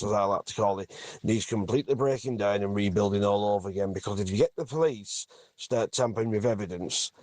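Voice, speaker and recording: Male caller, indignant and emphatic; lowish voice, dry close sound. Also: dry recording. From northern England.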